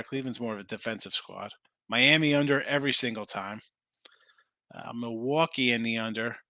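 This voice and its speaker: A man's voice: medium pitch, sharp tone, dry recording, studio quality. A man hosting a sports betting show, casually running through picks and answering viewers. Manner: loose, rambling, answers chat comments. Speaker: sports betting podcast host.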